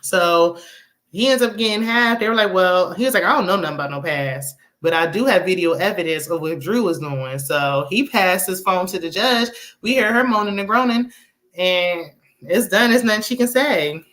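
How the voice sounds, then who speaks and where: A young woman, casually recapping a movie with laughs and quick asides. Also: medium pitch. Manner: chatty, animated retelling with laughs and acted-out quotes. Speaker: movie review host.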